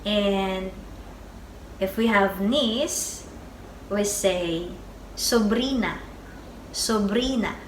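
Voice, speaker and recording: A woman teaching a beginner Spanish vocabulary lesson, saying each word twice in a slow, deliberate way. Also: mid-range voice. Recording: echoey room with faint background noise.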